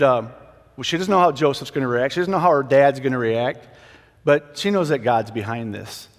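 A man teaching a Bible passage in a casual sermon, conversational and prone to restarts. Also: on the high side. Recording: long hall reverb.

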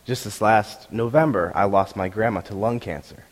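Hoarse young pastor preaching in a hall. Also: male voice, on the low side, normal speed. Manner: animated storytelling, acts out crowd reactions. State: voice roughened by strep throat. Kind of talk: sermon. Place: church hall. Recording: long hall reverb.

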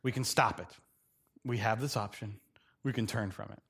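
A man's voice: fairly low pitch, fairly even intonation, normal speed, creaky, a bit bright, breathy edge. A male preacher giving a humorous, conversational sermon. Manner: jokey, acts out characters, conversational.

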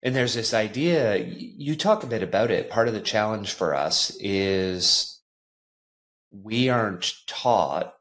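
A middle-aged man hosting an interview, speaking in a measured, thoughtful way. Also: lowish voice, fairly bright tone. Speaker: host. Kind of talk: interview conversation.

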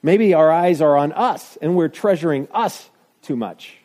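A middle-aged man preaching a sermon in a conversational, self-deprecating way. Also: measured pace. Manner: conversational, self-deprecating, lively shifts of pitch. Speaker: pastor.

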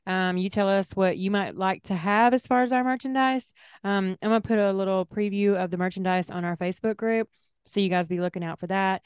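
A woman's voice: medium pitch, fairly quick, smooth, dry recording, clean studio sound. A woman with a Southern US accent co-hosting a podcast, chatting casually with many fillers and restarts, and reading a listener's letter aloud. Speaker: podcast co-host.

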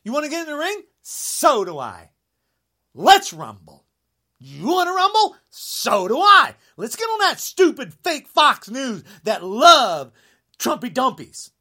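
A man in his sixties delivering an angry rant to camera, indignant and sarcastic, swinging between shouted jabs and low muttering. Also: wildly swooping pitch, a little slow. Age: 60s. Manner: mocking sarcasm. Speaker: vlogger.

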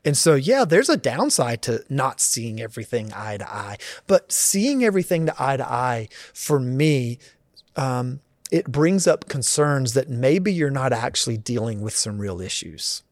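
A man's voice: medium pitch, very animated, unhurried, dry recording, clean studio sound. A man in his forties, a pastor, answering interview questions in a reflective, earnest way, thinking aloud.

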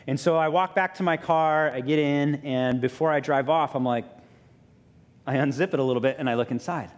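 A man pastor, telling a personal story in a sermon with lively self-mocking humor, then growing soft and quiet for reflection. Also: fairly high pitch, fairly quick, big-room sound. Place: church sanctuary.

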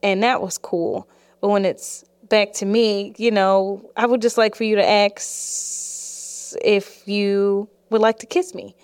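A woman's voice: mid-range voice, steady tone, slow pace, a little mellow, clear, resonant tone. A woman hosting a podcast, telling a personal story in a frank, chatty way with lots of "like" and "you know". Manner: laughs often while telling the story. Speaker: podcast host.

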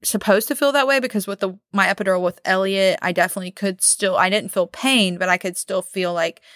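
A woman's voice: mid-range voice, brisk, a bit bright, no room sound, clean studio sound. A woman in her thirties chatting casually on a podcast, telling a long story with lots of "like" and acting out what others said. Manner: chatty storytelling, many "like"s, acts out quotes. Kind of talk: casual chat.

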